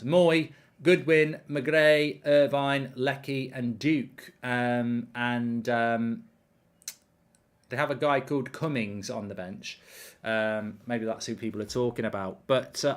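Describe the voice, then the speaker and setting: A man hosting a live football watchalong stream, chatting casually, rambling with lots of ums and reading viewers' comments aloud. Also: mid-range voice.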